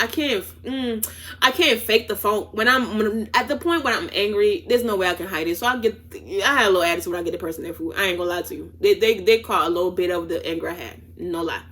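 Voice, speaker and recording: A woman vlogger telling a casual storytime from home, talking in a lively, rambling way, with an accent that mixes African and New York sounds. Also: medium pitch. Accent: African and New York-tinged. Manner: animated, restarts and trails off with "da da da".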